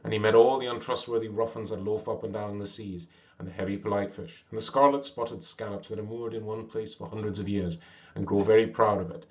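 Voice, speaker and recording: Guy reading a story aloud, lowish voice, dull lo-fi audio. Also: fairly quick. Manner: steady reading with small slips. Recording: dull lo-fi recording.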